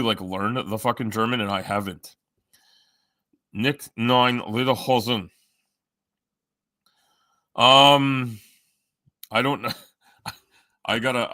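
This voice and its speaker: A man's voice: fairly low pitch, bright, forceful tone, dry recording, clean studio sound. A man chatting casually on a live stream, reading and answering chat, rambling and joking with frequent swearing and fillers. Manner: many fillers, jumps between topics.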